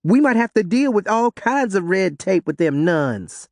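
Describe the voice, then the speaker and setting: A fiery young woman pleads and pushes in a raised, lively voice, as a male narrator puts her on. Her lines ride well above his own pitch and swing widely. The recording is dry and close. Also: moderate pace, no room sound. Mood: pressing. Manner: high, emphatic dialect speech. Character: brash young woman, hot-headed and pleading.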